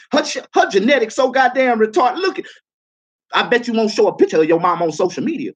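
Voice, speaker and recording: A livestreaming comedian, a man, giving a profane, heated rant that swings from calm to shouting. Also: high-pitched, fast, breathy edge.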